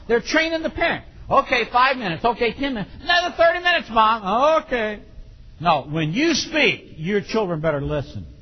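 A man preaching a sermon on raising children, acting out parents and children and bursting into shouts. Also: high-pitched, slightly rough, highs cut off.

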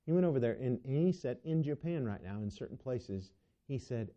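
A man's voice: mid-range voice, expressive, a little fast. A male preacher delivering a sermon to a congregation, asking them questions and often restarting his sentences. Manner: asks the congregation rhetorical questions, stumbles and restarts. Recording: dull lo-fi recording.

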